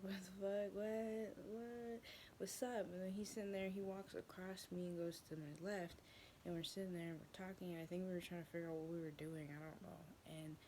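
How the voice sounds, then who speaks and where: A woman's voice: on the low side, vocal fry, darkish tone, a little hiss or hum. A young woman chatting casually in her bedroom, telling a rambling story, swearing often and sometimes dropping into a whisper. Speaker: vlogger.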